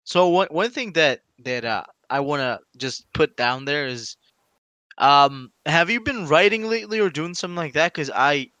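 A man with a bright, somewhat high voice chats loosely with friends, laughing often and restarting his sentences as he goes. The sound is dry and close, with no room around it. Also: expressive, moderate pace, no echo. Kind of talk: casual chat.

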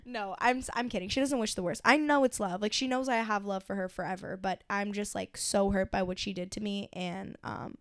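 A woman's voice: mid-range voice, steady tone, a little fast, few pauses, no room sound, clean studio sound. A woman in her twenties co-hosting a casual podcast, telling a personal story candidly and emotionally, with lots of fillers and swearing. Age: 20s. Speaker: podcast co-host.

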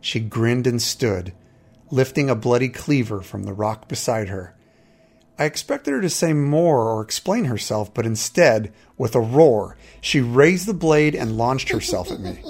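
Man narrating a dark fantasy tale. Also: medium pitch, slightly rough. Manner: steady, measured storytelling. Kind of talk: first-person fantasy story narration.

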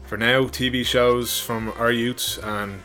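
A man's voice: medium pitch, level tone, takes it slowly, pushed and bright, faint music behind. A man hosting a podcast, laughing along with his co-host and introducing the next segment in a laid-back way.

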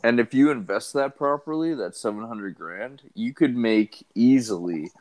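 A man's voice: mid-range voice, moderate pace, darkish tone. A man in crude casual chat, complaining with swearing and rising exasperation.

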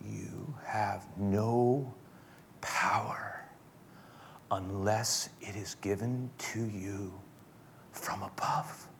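A man voicing a calm, solemn Jesus in a hushed, slow, breathy whisper. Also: on the low side, slight background noise, pitched below the performer's own voice, close to an everyday voice.

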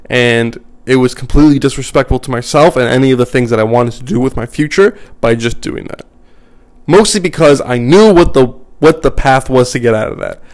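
Male podcast host, mid-pitched and smooth, profane, emphatic, repeats himself for effect. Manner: blunt, profane, emphatic with repetition. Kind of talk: solo podcast monologue. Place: at home.

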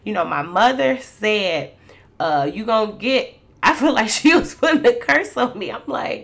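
Chatty woman with a gravelly voice. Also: mid-range voice, lively intonation, moderate pace, fairly bright tone. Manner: chatty and candid, addresses listeners as "y'all". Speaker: mother sharing reflections. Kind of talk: casual faith-based talk.

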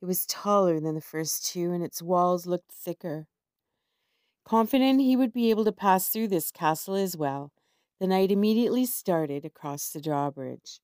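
A woman reading a storybook chapter aloud in a measured, expressive way. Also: on the low side, dry recording, clean studio sound. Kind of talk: scripted storybook narration.

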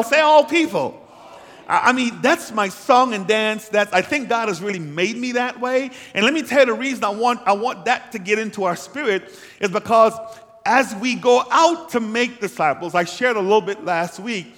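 A man's voice: normal speed, fairly bright tone. A male pastor preaching a sermon in a church, calling on the congregation to respond and building in volume as he urges them on. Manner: rises in pitch and volume when urging the room. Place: church sanctuary. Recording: long hall reverb.

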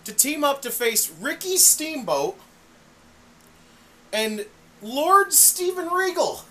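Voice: high voice, slow pace. A podcast co-host in casual chat, swearing a lot and acting out other people's outbursts as they rant. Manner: profane, animated, acts out people's outbursts. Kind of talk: casual chat reviewing wrestling.

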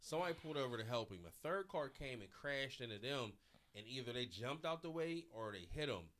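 A man co-hosting a casual radio talk show, telling animated, slang-heavy stories and acting out quotes. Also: mid-range voice, a little fast. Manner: slangy, animated storyteller who acts out quotes. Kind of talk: casual podcast banter and storytelling.

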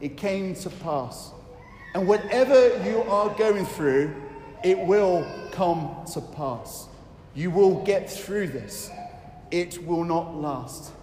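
Earnest preacher in an echoey church. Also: male voice, sits high, expressive, darkish tone. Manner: earnest, with fillers and restarts, slowing on scripture lines. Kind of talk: sermon. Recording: echoey hall with faint noise.

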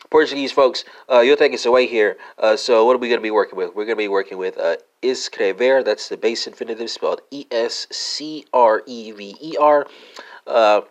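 A man's voice: lowish voice, highs cut off. A man hosting a solo language-lesson podcast, spelling out words letter by letter with lots of "uh" and "right?" and a few wry asides.

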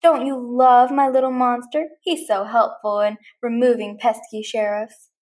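A woman's voice: fairly high pitch, fairly even intonation, a little slow, darkish tone, lightly acted. A woman voicing a gloating, villainous male pig pirate in a storybook reading.

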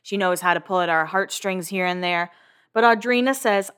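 A woman's voice: lowish voice, normal speed, a bit bright, clean tone. Chatty woman podcaster. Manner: chatty, filler-heavy, occasional swearing. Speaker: podcast host. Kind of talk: casual recap podcast.

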